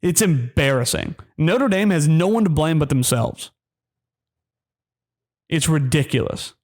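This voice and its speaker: A man's voice: expressive, unhurried, darkish tone. A man hosting a college football podcast, ranting heatedly and mockingly, then winding down into a rambling sign-off with many ums. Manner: heated, ranting, mocking, pitch jumps when worked up. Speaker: sports podcast host. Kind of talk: solo sports rant.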